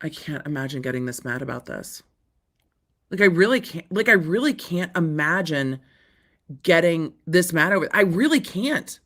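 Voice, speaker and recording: Woman, host, casual legal commentary, bright forceful voice, incredulous, animated. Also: on the low side. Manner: incredulous, animated, repeats herself; swears casually.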